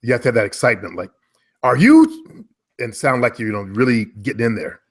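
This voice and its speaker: Relaxed American man giving voice advice. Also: fairly low pitch, very fast. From United States. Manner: relaxed, talkative, advising. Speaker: guest, former radio and commercial voice talent. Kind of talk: casual conversation.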